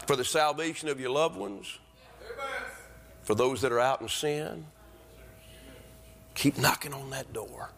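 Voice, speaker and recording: Impassioned preacher in a hall. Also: male voice, medium pitch, a little slow, vocal fry, long pauses. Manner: preaching, rising to impassioned shouts. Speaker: pastor. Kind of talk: sermon. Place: church sanctuary. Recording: long hall reverb.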